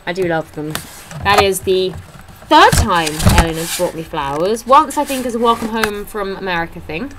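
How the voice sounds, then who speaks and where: A woman's voice: medium pitch, lively intonation, moderate pace, noisy background. A young woman chatting into her laptop webcam at home, telling funny stories and acting out what others said. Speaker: vlogger. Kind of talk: casual chat. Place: indoors at a table at home.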